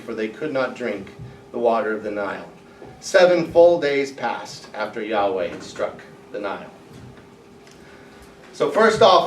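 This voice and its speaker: A man gives a sermon in a church, telling the story with animated voices for its characters. His voice sits a bit high and sounds a little distant from the mic. The hall adds a roomy echo over a faint hiss. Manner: animated, acts out characters with voices, laughs at jokes. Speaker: preacher. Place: church sanctuary.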